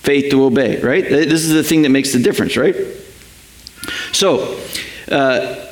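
A man preaching a sermon, animated, repeating words for emphasis and checking in with "right?". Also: medium pitch, measured pace, reverberant, poor audio. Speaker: pastor.

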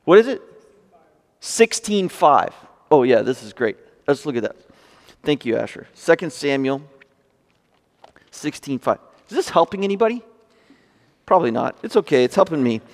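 A man's voice: fairly high pitch, in a large hall. A man preaching a sermon, reading scripture aloud and then explaining it in a conversational way to his congregation. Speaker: pastor.

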